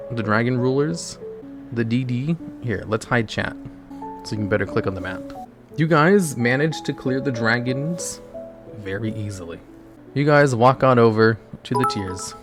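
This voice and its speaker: A man casually narrating a choose-your-own-adventure game live for his chat, playful and loose. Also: mid-range voice. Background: background music.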